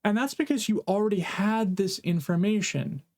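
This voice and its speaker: A man's voice: high-pitched, moderate pace, darkish tone. A man teaching a casual online language lesson, explaining in a playful, jokey way. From English-speaking foreigner who lived in Japan.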